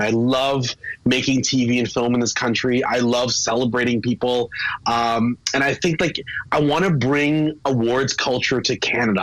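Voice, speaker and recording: A man's voice: medium pitch, fairly bright tone, dry recording, low-quality recording. A man talking as a guest in a morning TV interview, upbeat and casual, peppering his sentences with "like" and "um". His voice is close and dry, with no room sound around it. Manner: enthusiastic, casual, uses "like" often. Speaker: actor, guest.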